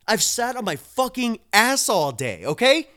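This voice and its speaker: A man's voice: very high voice, big pitch swings, measured pace, pushed and bright. A man hosting a live stream, ranting with heavy swearing while drinking a beer and answering viewers. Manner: profane, fired-up ranting, talks to viewers.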